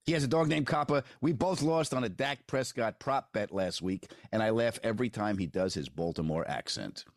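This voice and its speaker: A man, a comedian hosting a podcast interview, playful and quick to laugh. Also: on the low side, no echo, clean studio sound.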